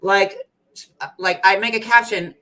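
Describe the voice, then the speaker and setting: A male host talks through a casual live chat in a bright, forward voice. He rambles and leans heavily on filler words as he works through his points. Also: high voice, fairly even intonation, unhurried, low-quality recording. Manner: rambling, heavy use of "like" fillers.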